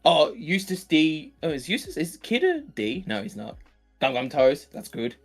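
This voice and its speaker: A man's voice: on the high side, huge pitch swings, normal speed, vocal fry, soft background music. A tired man co-commentating a card game stream, joking silly and laughing constantly. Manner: giggly, silly, keeps laughing at his own jokes. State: tired after a long day. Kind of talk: casual stream banter.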